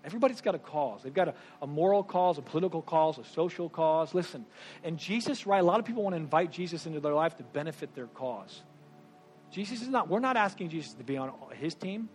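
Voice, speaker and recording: A man preaching a sermon, animated and conversational, swinging between loud bursts and hushed asides, with quick rushed remarks. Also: on the high side, soft background music. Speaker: pastor.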